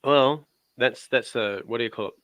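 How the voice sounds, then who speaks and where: Bright-voiced joking man telling stories. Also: mid-range voice, moderate pace, dry recording. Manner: joking, rambling storyteller. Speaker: guest on his wife's craft channel. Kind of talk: casual chat.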